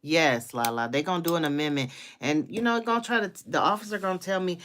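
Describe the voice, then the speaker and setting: Blunt low-voiced New woman. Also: fast, a bit bright. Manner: blunt, outspoken, laughs often. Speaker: livestream host. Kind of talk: casual venting livestream.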